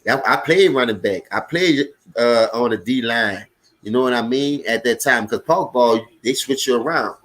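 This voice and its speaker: Speaking at a normal speed in a mid-range voice, a man with a New Orleans accent hosts a casual sports stream live from Louisiana. He gets loud and profane reacting to the game and talks back and forth with viewers.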